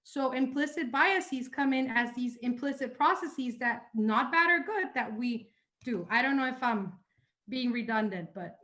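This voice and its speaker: A woman's voice: sits high, lively intonation, a little slow, sharp tone. A woman presenter on a video call, eagerly explaining a concept and repeating words as she goes. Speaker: presenter, psychology trainer. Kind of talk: explanatory lecture.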